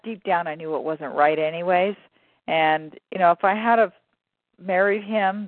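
Woman guest rambling warmly with laughs, thin phone sound, dead dry. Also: fairly low pitch, no room sound, phone-quality sound. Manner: animated storyteller, many fillers and laughs. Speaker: guest author. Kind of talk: casual conversational interview.

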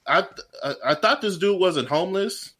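A man's voice: sits high, expressive, normal speed, a bit bright. A young man telling a work story in casual chat with friends, laughing and swearing as he acts out what people said. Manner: laughing, profane storytelling with quoted voices. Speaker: storyteller in a group podcast.

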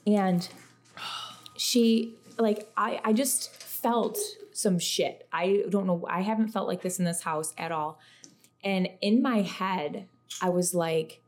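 A woman telling a story in a casual podcast chat, animated and full of "like", acting out what people said. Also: fairly low pitch, normal speed. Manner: animated storyteller, heavy use of "like", acts out quoted speech. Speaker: podcast guest.

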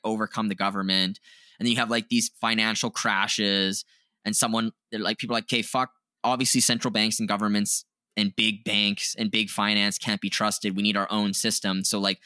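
A man co-hosting a podcast in casual chat, talking excitedly, swearing often and laughing loudly. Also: on the low side, dry recording, clean studio sound. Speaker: podcast co-host.

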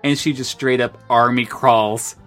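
An American man co-hosting a podcast, telling stories in an animated, self-deprecating way. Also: medium pitch, unhurried, faint music behind. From United States. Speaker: podcast co-host. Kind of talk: casual storytelling chat.

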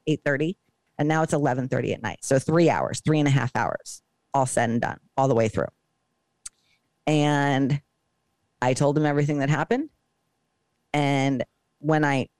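A middle-aged woman co-hosting a podcast, retelling a story in an animated, dramatic way. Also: low voice, no echo. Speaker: podcast co-host. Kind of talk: casual storytelling.

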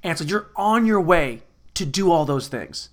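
Man, slightly high voice, podcast host, casual comedic rant, crude, self-mocking, rambling. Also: a little slow. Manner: lively, swings between loud bursts and low mutters.

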